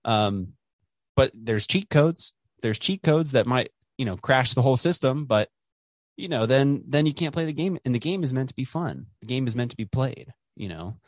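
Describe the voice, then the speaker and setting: A man in casual podcast conversation who rambles and restarts his sentences, dropping fillers and the odd swear word. His voice sits at an everyday middle pitch. The recording is dry with no room sound. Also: expressive, normal speed, no echo. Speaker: podcast host.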